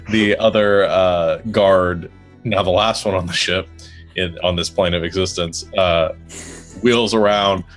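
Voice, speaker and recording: A man's voice: low-pitched, lively intonation, soft background music. Playful man running a tabletop game. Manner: laughing often, playful, does quick character voices. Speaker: game master.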